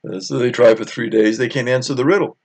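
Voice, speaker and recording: A man's voice: mid-range voice, steady tone, fast, breathy edge, no room sound. A man retelling a Bible story in a casual, conversational way, with frequent fillers. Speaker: Bible teacher.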